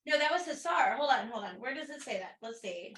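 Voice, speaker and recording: Bright tense-sounding woman, book podcast chat, roomy echo around her. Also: a little high, expressive, a little fast. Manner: chatty, questioning, reads passages aloud. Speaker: podcast co-host. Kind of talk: casual book-club chat. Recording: echoey room.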